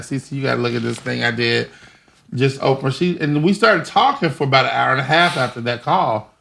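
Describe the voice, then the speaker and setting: Young guy on an interview, bright gravelly voice, gets really animated telling his story, does little voices. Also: mid-range voice. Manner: animated, laughing, acts out voices in his stories. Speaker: guest.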